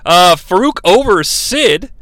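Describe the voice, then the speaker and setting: High bright-voiced male podcast host. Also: very animated, takes it slowly, no room sound. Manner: wry, chuckling asides to listeners. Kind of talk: casual recap of an old wrestling broadcast.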